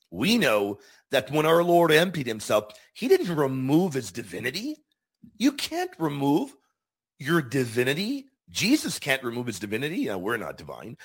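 A man's voice: a little high, slightly rough. A man hosting a Catholic teaching show, speaking earnestly and emphatically, repeating key words for stress. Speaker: show host.

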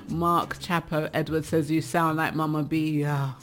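Soft background music plays as an English-accented radio host reads news items aloud and chats about them casually. She is chatty, laughs often and comments on what she reads, in a low-pitched, level voice at a measured pace.

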